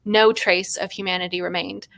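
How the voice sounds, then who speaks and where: A woman hosting a writing stream, reading her own short story aloud with animated asides and frequent laughter. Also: fairly low pitch, moderate pace, creaky, no echo. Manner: animated, laughs often between passages. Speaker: writer and stream host.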